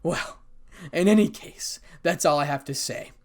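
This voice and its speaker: A man's voice: on the high side, a little slow, pitched above the performer's own voice, lightly acted. Man voicing a cold, bitter teenage boy. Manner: cold, cutting.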